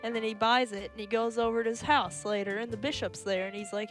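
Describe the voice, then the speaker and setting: A woman with a slightly high voice tells a long joke in a playful way, voicing each character as she goes. Soft music plays in the background. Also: steady tone, fast talker. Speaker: stream co-host. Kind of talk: telling jokes aloud.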